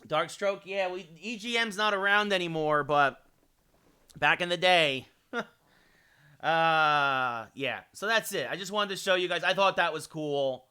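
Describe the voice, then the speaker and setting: Speaking a little slowly in a smooth, higher voice, this streamer talks with his viewers during a hockey video game. His chatty gaming banter breaks into excited play-by-play calls.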